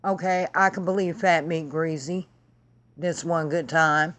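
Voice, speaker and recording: A woman's voice: low-pitched, fairly even intonation, a little slow, fairly bright tone. A woman vlogging to camera in a heated, sarcastic and profane rant. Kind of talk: angry vlog rant.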